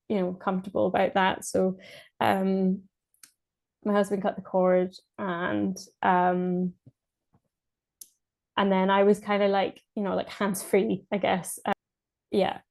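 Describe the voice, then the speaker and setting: Flat-voiced Scottish woman telling her story. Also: medium pitch, measured pace, gravelly. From Scotland. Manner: hesitant, many fillers and restarts, laughs often. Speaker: podcast guest. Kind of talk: casual spoken birth story.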